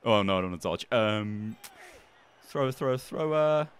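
A man's voice: fairly low pitch, lively intonation, moderate pace, smooth. A man chatting casually while playing a game against a friend, chuckling and muttering his moves aloud. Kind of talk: casual gameplay chat.

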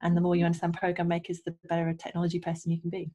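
A woman guest on a video call, telling her career story in an animated way with frequent laughs. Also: fairly low pitch, rapid-fire. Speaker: guest, radio producer and engineer. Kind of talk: casual interview chat.

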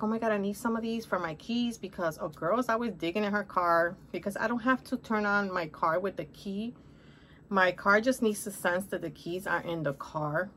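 A woman's voice: medium pitch, a bit bright, a little hiss or hum. A middle-aged woman with a Spanish accent, chatting upbeat through a shopping haul and calling viewers honey. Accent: Spanish-accented English. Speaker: haul vlogger. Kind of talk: casual shopping haul chat.

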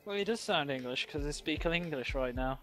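A man's voice: on the high side, expressive, fairly quick, fairly bright tone, faint music behind. A man chatting casually while playing a game with friends, giggling and teasing them in playful mock threats. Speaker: gamer. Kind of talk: casual chat while gaming.

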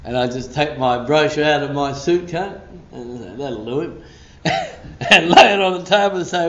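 A man, a pastor preaching a sermon in church, animated, laughing often as he acts out little scenes. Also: on the high side, normal speed.

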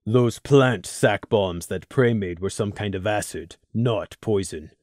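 A man's voice: fairly low pitch, a little slow, a little mellow, dry recording, studio quality, lightly acted. A man playing Crimson, a shaken, remorseful young man who speaks in a subdued voice in an audio drama. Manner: subdued, speaks through clenched teeth.

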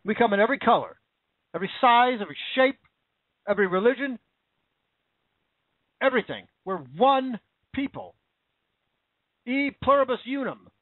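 A man's voice: very high voice, animated, moderate pace, long pauses, dry recording. An American man giving an indignant, repetitive political opinion rant. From United States. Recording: dry, phone-like narrow audio.

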